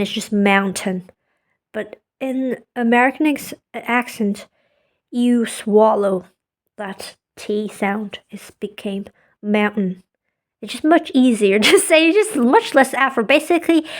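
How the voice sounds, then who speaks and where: A woman who speaks English as a second language, thinking aloud in a casual monologue with many fillers and restarts, often trailing off quietly. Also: fairly high pitch. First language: not English. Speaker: podcaster.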